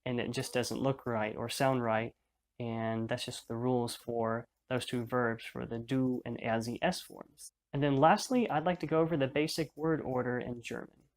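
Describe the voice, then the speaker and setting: A man at an ordinary middle pitch teaches a beginner language lesson. He explains each point patiently and step by step. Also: steady tone, normal speed.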